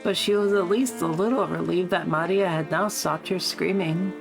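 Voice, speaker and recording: Young woman streamer, visual novel read-aloud with profane asides, slightly low voice. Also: normal speed, gravelly, low-quality recording. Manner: swearing, laughing asides. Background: background music and rain.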